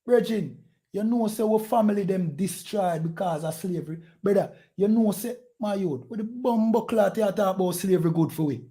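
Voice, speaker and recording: Heated and confrontational, a Jamaican-accented man preaches on the street, hammering home his phrases by repeating them. He speaks at a moderate pace in a warm, fairly high voice.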